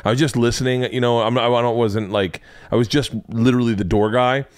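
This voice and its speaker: A man's voice: mid-range voice, fairly even intonation, fairly quick, no echo, studio quality. A man hosting a podcast, talking loosely and jumping in with questions. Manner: loose, chatty, jumps in with questions. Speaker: podcast host. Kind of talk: casual chat.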